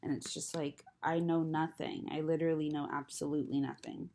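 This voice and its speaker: A woman's voice: low voice, little pitch movement, brisk, darkish tone, a little hiss or hum. A young adult woman chatting casually to camera, rambling and self-deprecating, with a slight lisp from braces. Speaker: vlogger.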